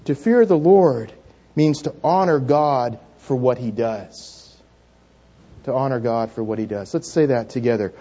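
A man's voice: mid-range voice, a little slow, slightly rough. Dramatic male pastor preaching, lo-fi sound. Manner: asks the congregation questions and leads call-and-response; dramatic, swings between hushed and loud. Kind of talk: sermon. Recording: dull lo-fi church recording.

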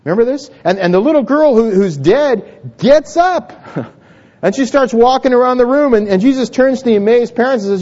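A man's voice: extremely high pitch, expressive, moderate pace, darkish tone, highs cut off. A man preaching a sermon to his congregation in a church hall, conversational, with many repeated words and restarts. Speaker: pastor.

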